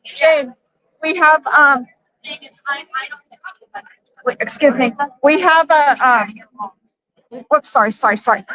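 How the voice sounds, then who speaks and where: A woman reporting live at a press conference, interviewing people on the spot with quick, slightly flustered asides. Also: high-pitched, pushed and bright, rough recording. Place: outdoor protest at a state capitol.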